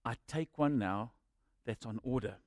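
An unhurried male preacher shares personal testimony within his sermon, recorded dry and close with almost no room sound. His voice sits at a typical middle pitch, veering from loud emphasis to soft, confiding remarks.

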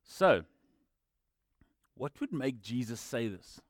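A male preacher delivering a sermon with personal testimony, recorded close and dry with almost no room sound. His voice sits in an ordinary middle pitch. He swings from loud, emphatic declarations to hushed, confiding asides. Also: sing-song, takes it slowly, no echo.

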